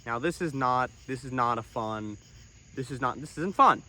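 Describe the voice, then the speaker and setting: A young man in a comedic monologue, self-important and deadpan, breaking into outraged, swearing outbursts. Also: mid-range voice, normal speed. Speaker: comedic storyteller in character.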